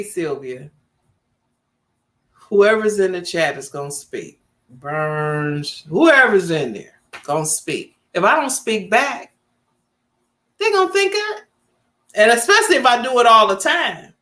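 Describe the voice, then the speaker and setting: A woman's voice: medium pitch, fairly bright tone. A woman, chatting casually with viewers as host of her livestream. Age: 50s. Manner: chatty, talks straight to viewers.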